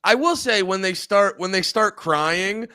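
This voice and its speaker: A man's voice: sits high, unhurried, pushed and bright, clear, resonant tone, dry recording, clean studio sound. A man in casual stream chat, rambling and cursing, acting out quotes in mock voices. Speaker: co-host.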